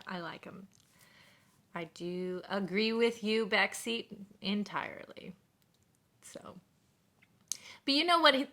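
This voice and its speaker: A woman talks casually to her live stream viewers in a loose, rambling way and thanks them again and again. Her voice is very bright and clear in tone. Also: mid-range voice.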